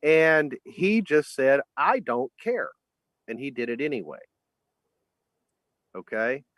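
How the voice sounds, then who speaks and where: A man's voice: mid-range voice, very animated, slow, fairly bright tone, dry recording. A man asking earnest, probing questions in a conversational interview.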